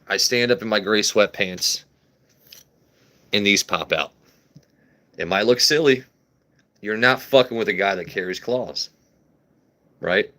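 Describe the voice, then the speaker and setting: A man hosting a casual livestream, talking in a slightly low voice. He rambles from one joke to the next, crude and loose, swearing freely as he chats with viewers. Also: sharp tone. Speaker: livestream host.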